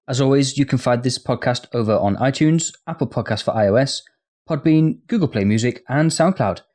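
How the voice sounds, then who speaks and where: Dry-quipping podcast co-host. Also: male voice, mid-range voice, expressive, moderate pace, a little mellow. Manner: dry quips, reads sign-off. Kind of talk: casual banter.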